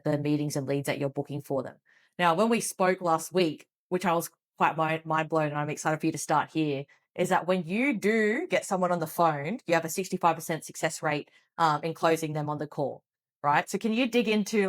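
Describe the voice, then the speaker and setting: Woman, podcast host, low voice, eager long questions. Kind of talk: interviewing a guest.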